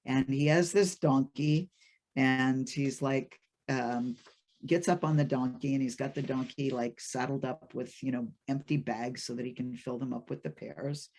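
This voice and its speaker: A man telling a folk fable in an informal lecture, chatty and halting, with many fillers and restarts. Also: mid-range voice, steady tone, a little mellow. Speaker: storyteller and lecturer.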